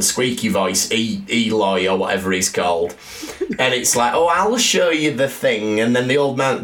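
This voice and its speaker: A man's voice: medium pitch, a bit bright, far from the mic. A man co-hosting a podcast, casually reviewing a TV episode with dry, sarcastic jokes. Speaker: podcast co-host.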